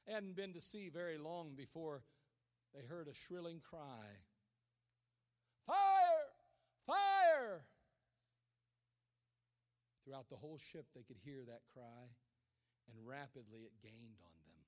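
A male preacher giving a sermon, telling a story dramatically and swinging from hushed lines to shouted ones. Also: medium pitch, lively intonation, normal speed.

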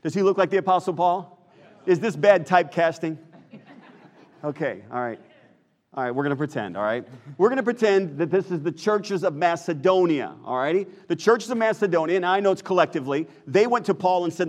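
A man's voice: a little high, expressive, brisk. Man, American pastor, preaching, raised voice, reverberant church hall. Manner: preaching, asks the congregation questions. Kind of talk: sermon. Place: church sanctuary.

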